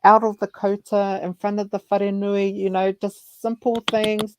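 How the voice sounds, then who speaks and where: A man with a New Zealand accent hosting a casual chat, telling stories in an animated way. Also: high voice, moderate pace, background noise. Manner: animated storyteller who acts out elders' voices. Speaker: host.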